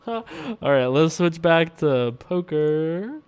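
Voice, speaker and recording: A man's voice: high voice, expressive, a little slow, clean tone. A man hosting his own poker vlog in casual, joking chat, laughing at himself. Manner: playful, jokey, laughing at himself. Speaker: poker vlogger.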